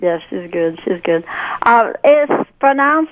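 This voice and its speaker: A woman calling in to a radio gardening show, chatting with halting, simple phrasing and lively storytelling. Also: medium pitch, dry recording, poor audio. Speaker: regular radio caller. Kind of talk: casual phone-in chat.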